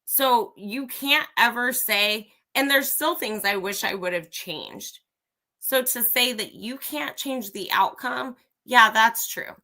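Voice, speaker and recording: A woman's voice: fairly high pitch, slow pace, pushed and bright. A woman hosting a livestream, giving a blunt, profane opinion rant straight to her viewers. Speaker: livestream host. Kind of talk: ranting live commentary.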